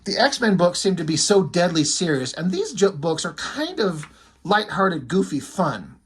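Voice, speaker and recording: A man's voice: sits high, very animated, unhurried, slightly rough. A man rambling casually through a comic book review, enthusiastic and profane.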